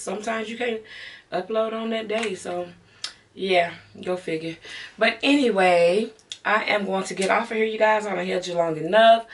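A woman's voice: medium pitch, far from the mic, a little hiss or hum. A middle-aged woman with a Southern American accent, chatting casually to her viewers in a home beauty haul vlog. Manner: chatty, talks straight to viewers as y'all. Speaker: beauty vlogger.

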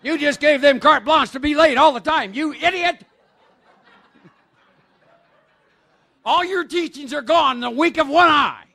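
A man voicing a harsh inner voice of a man that shouts mocking insults. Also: extremely high pitch, normal speed, gravelly, pitched above the performer's own voice, full character voice. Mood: berating.

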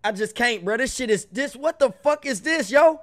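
A man's voice: extremely high pitch, expressive, moderate pace. A young man hosting a music reaction video, ranting casually in slang and swearing in exasperation. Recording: faint music behind the voice.

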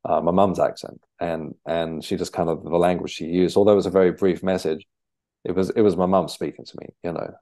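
A young man, a podcast guest, telling his story in a halting conversational way with many restarts. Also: low-pitched, fairly even intonation, dark tone. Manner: halting, with frequent restarts and fillers.

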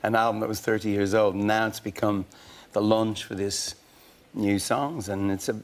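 A man's voice: lowish voice, steady tone, moderate pace. Irish man guest on a talk show, fifties, earnest, reflective, in a TV studio. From Ireland. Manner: earnest, reflective, speaks in sweeping ideas. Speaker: musician guest. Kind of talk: casual talk show chat.

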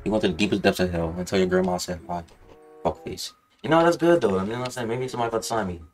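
A young man hosting casual gameplay commentary, excitable and profane, rambling and saying "bro" constantly. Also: lowish voice, racing, soft background music. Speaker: gaming channel host.

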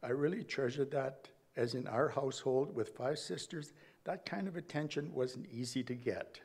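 A man giving a eulogy in a church, reading from notes at a measured pace with small slips and restarts. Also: medium pitch, a little mellow, husky. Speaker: family member giving a eulogy.

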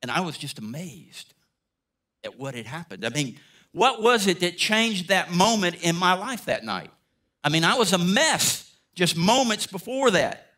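A man's voice: sits high, measured pace. A middle-aged man, a guest speaker telling a story in a sermon, acting out the dialogue. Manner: animated storyteller, acts out dialogue.

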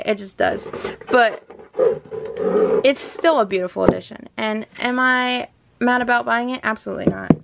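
A woman's voice: mid-range voice, moderate pace, gravelly, pauses often. A young woman chatting casually in a book vlog, gushing and chatty as she shows her shelves at home. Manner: gushing and chatty, often laughs. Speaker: book vlogger. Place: home room by a bookshelf.

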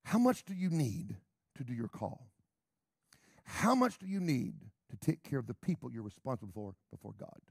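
A middle-aged man preaching a sermon with emphatic repeated questions, dropping to whispers and rising to loud calls. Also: mid-range voice, very animated, moderate pace, vocal fry, slightly rough, no room sound, studio quality.

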